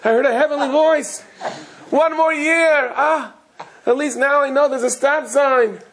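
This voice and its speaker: A man voicing a once-rich man turned wandering beggar, crying out in a high pleading voice. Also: fairly even intonation, measured pace, a bit bright, rough recording. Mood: relieved. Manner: pleading cry raised high.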